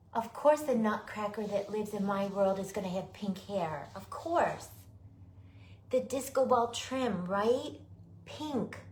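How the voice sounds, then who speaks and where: A woman unboxing a parcel in a vlog, gushing and repeating herself with excitement. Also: medium pitch. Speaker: small business crafter unboxing happy mail. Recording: echoey room with clear ambient noise.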